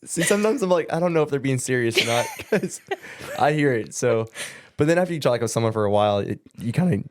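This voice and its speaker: A man's voice: mid-range voice, expressive, fast, slight background noise. A young man from Southern California, a student pastor, chatting as a podcast guest in an easygoing, rambling way with lots of fillers. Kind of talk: casual podcast guest chat.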